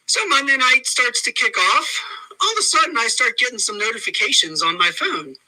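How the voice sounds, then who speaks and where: A man's voice: very high-pitched, a little fast, rough recording. A man telling a sarcastic, comedic rant on a podcast. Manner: animated, sarcastic storytelling.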